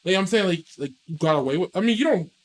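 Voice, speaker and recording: A man's voice: sits high, expressive, fast, heavy background noise. A young man co-hosting a podcast, joking in casual chat and filling his talk with "like". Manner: joking, heavy use of "like". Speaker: podcast co-host.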